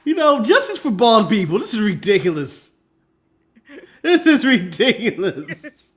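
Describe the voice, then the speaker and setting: A man's voice: high-pitched, sing-song, unhurried. A man from the United States, a podcast co-host chatting casually, joking and laughing through his talk. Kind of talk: casual chat.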